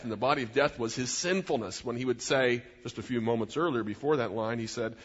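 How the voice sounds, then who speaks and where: A man's voice: medium pitch, lively intonation, brisk, breathy edge. A middle-aged man preaching a sermon as a pastor, in an earnest, conversational way with personal asides. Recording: dull sound in a reverberant hall.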